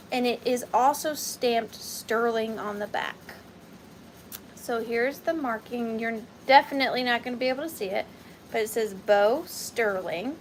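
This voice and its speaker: A woman's voice: fairly high pitch, slight background noise. A woman hosting a live vintage sale online, chatting casually and rambling happily to her viewers. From Georgia, US. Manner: chatty, rambling, giggly, talks to viewers by name. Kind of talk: casual live-stream selling chat.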